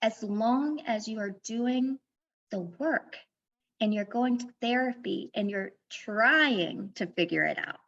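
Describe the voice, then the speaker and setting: A woman's voice: on the high side, slow pace, fairly bright tone. Earnest woman life coach, lo-fi sound. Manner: earnest, mixes advice with personal stories. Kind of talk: candid podcast interview. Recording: dull lo-fi sound.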